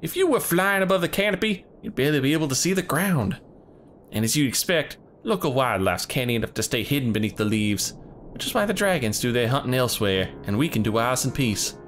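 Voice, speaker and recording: A man's voice: medium pitch, animated, a little fast, slight background noise, lightly acted. A man voicing a hearty, gregarious older male hunter leader with a Southern US drawl. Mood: boisterous. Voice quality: folksy drawl. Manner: gregarious, loud. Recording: game music behind.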